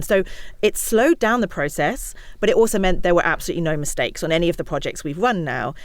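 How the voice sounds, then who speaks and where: A woman, a misinformation researcher, talking as a podcast guest, lively and often acting out other people's words. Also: fairly low pitch, fast, dry recording. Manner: animated, acts out quotes of others. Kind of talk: podcast conversation.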